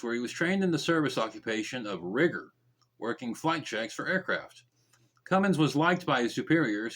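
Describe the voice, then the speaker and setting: A man's voice: mid-range voice, fairly bright tone. A man hosting a true crime podcast, reading the case aloud and breaking off into casual, joking side comments. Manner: reads facts briskly, then drops into mumbled, joking side comments.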